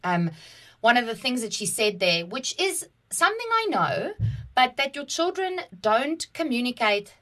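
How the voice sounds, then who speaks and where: A woman with a South African accent, co-hosting a podcast and telling a personal story in an animated, dramatic way. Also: on the high side, measured pace. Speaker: podcast co-host. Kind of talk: casual chat, personal storytelling.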